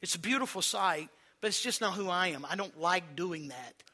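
A male pastor delivers a sermon in a high, bright voice. He draws the congregation into call-and-response and has them repeat lines back. He slows down for quiet stretches, then builds to loud, forceful emphasis. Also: lively intonation.

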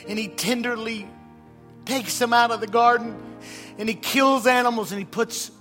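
A man's voice: extremely high pitch, fairly even intonation, normal speed. A male pastor preaching an impassioned sermon in a church hall, full of rhetorical questions. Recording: reverberant hall with soft music.

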